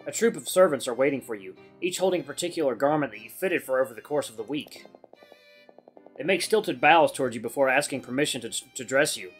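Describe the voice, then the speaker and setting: A man narrating a visual novel aloud in the second person, in a lively, expressive way. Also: mid-range voice, brisk, husky, soft background music. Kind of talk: game read-aloud narration.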